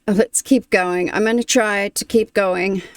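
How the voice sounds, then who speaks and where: A woman's voice: medium pitch, fairly even intonation, measured pace, no echo. Woman reacting to a song, emotional and musing, dry close sound. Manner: emotional, thoughtful, trailing off. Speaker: reaction video host. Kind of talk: casual reaction commentary.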